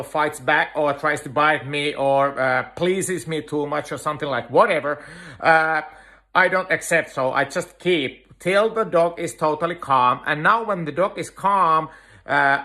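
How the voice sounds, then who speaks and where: Bright, halting dog-training lecturer, a man. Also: a little high. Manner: halting, frequent "uh" fillers, earnest. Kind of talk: instructional lecture.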